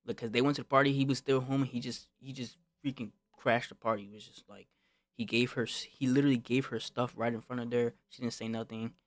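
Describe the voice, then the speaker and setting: A man's voice: medium pitch, steady tone, fast, dry recording. Young man ranting in a slangy storytime. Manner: slangy, repeats himself, swears, calls the listener bro; rising to heated outbursts. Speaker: streamer. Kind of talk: casual storytime rant.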